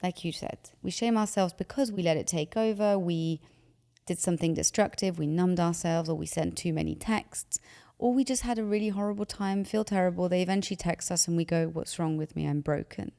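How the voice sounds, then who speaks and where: A woman's voice: on the low side, fairly quick, gravelly, long reverb tail. A woman giving emotional advice in conversation, animatedly acting out anxious thoughts. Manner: animated, acts out anxious inner voices.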